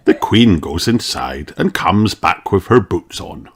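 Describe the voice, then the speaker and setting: A reader narrating a children's picture book aloud, with a lively and expressive storytelling manner. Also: low-pitched, a little slow, creaky, few pauses, slightly rough.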